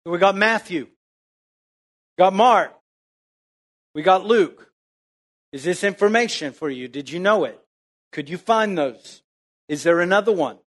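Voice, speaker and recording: A man with a high voice preaches to his congregation. He drives each point home with repeated rhetorical questions, and his pitch climbs on the big lines. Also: animated, unhurried, pauses often. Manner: emphatic, rhetorical questions, calls for amen. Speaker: pastor. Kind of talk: sermon.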